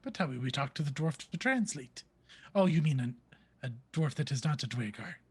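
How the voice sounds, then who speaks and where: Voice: medium pitch, lively intonation, normal speed, darkish tone, husky. A player in a tabletop game, describing actions and laughing often.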